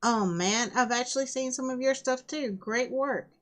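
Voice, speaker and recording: A woman's voice: high voice, normal speed, voice pushed up, natural voice. A woman with a scratchy throat reading the lines of a polite, good-humored bearded Irish-German man who is lost. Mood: friendly.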